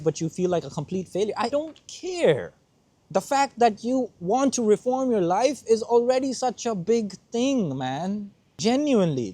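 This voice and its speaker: A man's voice: on the high side, mellow, no echo. A young man hosting a motivational podcast, speaking earnestly in a heartfelt monologue and repeating his points for emphasis. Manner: earnest, repeats himself for emphasis, close to tears at times.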